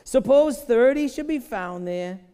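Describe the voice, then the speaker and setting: A man's voice: extremely high pitch, expressive, dark tone, clean tone, in a large hall, pitched above the performer's own voice, heavily acted. A man playing a humble old man pleading and bargaining with God, in a put-on comic accent. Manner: bargaining, pleading, drawn-out delivery.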